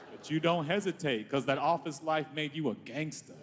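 A man's voice: on the high side, normal speed, hardly any pauses. A man stand-up comedian with a dry, wry observational delivery. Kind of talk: stand-up routine. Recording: long hall reverb, audience noise.

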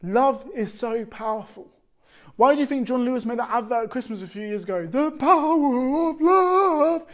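A man's voice: extremely high pitch, a little fast, a little mellow. A young man giving a short earnest sermon, telling stories and acting out quotes in playful voices. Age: young adult. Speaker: youth speaker.

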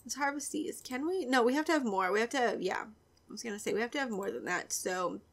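A woman's voice: fairly high pitch, expressive, brisk. Giggly, chatty young woman gamer. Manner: giggly and chatty, often dropping to a soft near-whisper. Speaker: gaming video creator. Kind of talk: casual let's-play commentary.

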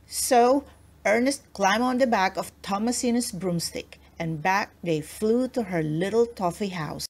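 A woman reading a children's storybook aloud, with gentle storytelling and voices for the characters. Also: mid-range voice, measured pace. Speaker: children's book reader.

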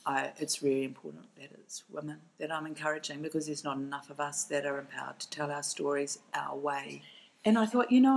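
A woman's voice: low-pitched, poor audio. A middle-aged woman with a New Zealand accent, a documentary filmmaker speaking as a podcast guest, passionate and emphatic, often restarting her sentences. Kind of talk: podcast interview.

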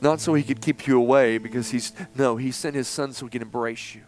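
A middle-aged man preaching a sermon in church, telling a personal story and swinging between loud emphasis and hushed, tender passages. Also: mid-range voice, fairly even intonation, fairly quick, faint music behind. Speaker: pastor. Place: church sanctuary.

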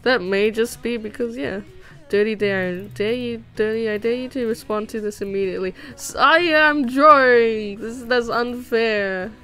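A woman's voice: a little high, fairly even intonation, moderate pace, smooth, faint music behind. A young woman livestreaming while she draws, chatting casually with her viewers in a bubbly, rambling way with lots of giggles and fillers. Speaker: livestreaming animator. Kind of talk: casual chat reading stream chat while drawing.

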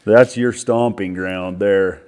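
A man's voice: low-pitched, fairly even intonation, takes it slowly, darkish tone, smooth. A man hosting a casual interview, an easygoing and enthusiastic listener. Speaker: podcast host.

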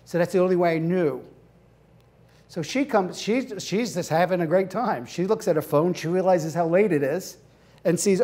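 Animated high-voiced male instructor. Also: moderate pace. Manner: animated, acts out scenes, laughs often. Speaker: hypnotherapy instructor. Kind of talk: lecture with acted-out examples.

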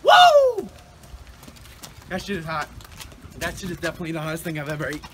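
A young man vlogging a challenge, swearing and exclaiming excitedly. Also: a little high, rapid-fire. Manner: profane, excitable, loud exclamations. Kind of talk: casual challenge vlog. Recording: noisy background.

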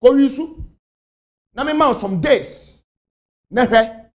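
A man from Ghana speaks as a spiritual leader in an interview. His voice sits high and swings widely in pitch. He talks emphatically, hammering on repeated phrases. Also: sing-song, a little slow, pauses often. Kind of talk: interview answers.

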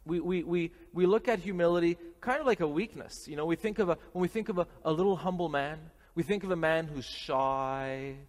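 Canadian priest preaching in a hall. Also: male voice, on the high side, a little fast, few pauses. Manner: lively, joking, with many restarts. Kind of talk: morning homily. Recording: long hall reverb.

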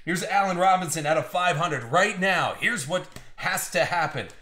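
A fairly high-voiced man hosts a live card break, jumping from loud hype to hushed suspense as packs are opened. His voice rings in an echoey room with a faint hiss behind it. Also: moderate pace. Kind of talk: live card-opening commentary.

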